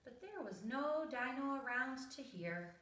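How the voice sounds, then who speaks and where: A woman reading a rhyming picture book aloud to children in a slow, expressive, rhythmic way. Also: sits high. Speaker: story reader. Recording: roomy echo, mic at a distance.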